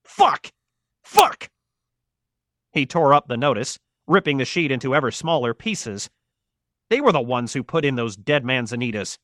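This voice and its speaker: Man narrating a novel, bright and dry. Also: mid-range voice, no echo. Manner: steady, measured reading. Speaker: audiobook narrator. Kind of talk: scripted narration.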